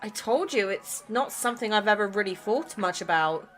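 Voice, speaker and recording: A woman voicing a guarded, teasing young male grim reaper from a romance game, speaking low and grudgingly. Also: animated, moderate pace, a bit bright, faint music behind, lightly acted. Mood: quiet.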